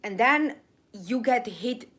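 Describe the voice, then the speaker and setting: A woman's voice: fairly high pitch, animated, slow, a bit bright. A woman hosting a live stream who gets emotional and heated, speaks with a noticeable accent and breaks off to read her viewers' chat. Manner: emotional, ranting, speaks with an accent she calls funky. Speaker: livestream host reading viewer chat.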